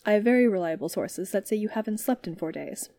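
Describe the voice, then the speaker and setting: A woman voicing a deadpan, teasing male soldier commander in a storybook reading, dry and straight-faced. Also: medium pitch, quick pace, dry recording, natural voice.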